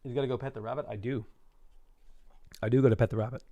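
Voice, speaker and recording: A man's voice: medium pitch, steady tone, fast, warm tone, lo-fi sound. A man with an Irish accent, casually chatting on a live game stream, rambling as he reads out and answers viewers' questions.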